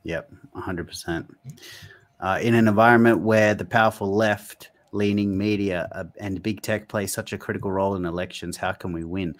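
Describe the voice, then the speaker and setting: Casual male host, lowish voice, blunt questions with joking asides. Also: fairly even intonation, moderate pace. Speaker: podcast host. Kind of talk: casual interview.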